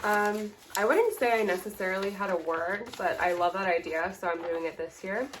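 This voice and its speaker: A woman's voice: mid-range voice, moderate pace, a little hiss or hum, rough recording. A young woman in her twenties co-hosting a casual chat, playful and teasing, often laughing. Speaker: co-host.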